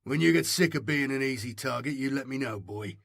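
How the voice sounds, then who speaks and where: A man voicing a gruff, stern old grandfather and veteran in an audiobook reading, with harsh, snapping commands. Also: mid-range voice, a little fast, fairly bright tone, no echo, studio quality.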